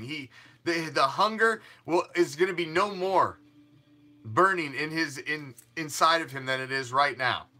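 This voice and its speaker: With a slightly high voice and a sharp tone, this fan podcast host talks casually about sports. He rambles emphatically, keeps restarting his sentences and swears now and then.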